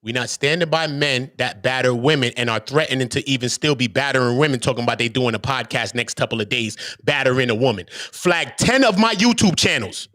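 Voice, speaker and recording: A man's voice: medium pitch, fairly quick, hardly any pauses, sharp tone, no room sound, clean studio sound. A man hosting his own channel, ranting to viewers in a blunt, openly profane and emphatic way. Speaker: channel host.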